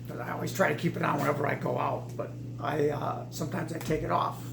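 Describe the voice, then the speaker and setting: Gravelly woman telling a rambling story. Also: low voice, steady tone, fast, reverberant, background noise. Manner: rambling, with many restarts and repeats. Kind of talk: casual personal storytelling.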